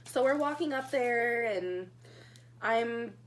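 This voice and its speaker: A young woman telling her engagement story in a casual storytime vlog, chatty and excitable, getting emotional as she talks. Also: on the high side, slow pace. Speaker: vlogger.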